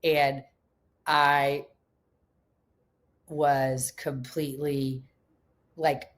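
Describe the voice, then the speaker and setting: A middle-aged woman from upstate New York, a farmer and chef, telling her story in a casual interview, animated and full of fillers and restarts. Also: a bass voice, very slow. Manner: animated, many fillers and restarts, quotes others in voices.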